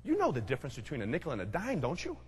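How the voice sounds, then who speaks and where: Patient gentle dad, as a male speaker puts him on, soft questioning, husky voice, long hall echo. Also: medium pitch, huge pitch swings, rapid-fire, heavily acted. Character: patient, gentle father of two boys.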